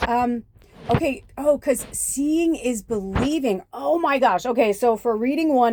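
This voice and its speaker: A woman's voice: on the high side, expressive, moderate pace, noisy background. A woman from the south suburbs of Chicago, giving a chatty spiritual card reading that often drifts off and drops into whispers. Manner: chatty, easily distracted, breaks into whispers. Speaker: tarot reader and medium.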